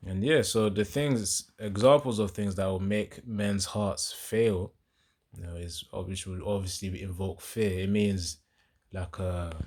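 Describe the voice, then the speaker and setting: Deep-voiced casual man teaching scripture. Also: steady tone. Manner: loose and chatty, laughs often, reads verses slowly and emphatically.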